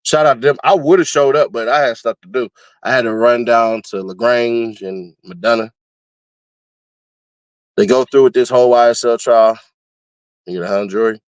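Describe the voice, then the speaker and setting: A man hosting casual commentary, talking animatedly and laughing often, now and then breaking into high-pitched screaming bits. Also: moderate pace, pauses often, no room sound. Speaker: commentary host.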